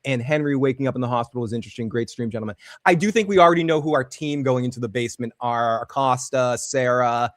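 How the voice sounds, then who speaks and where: A man co-hosting a casual livestream call-in show, easygoing and quick to laugh. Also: medium pitch, no echo, studio quality. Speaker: co-host.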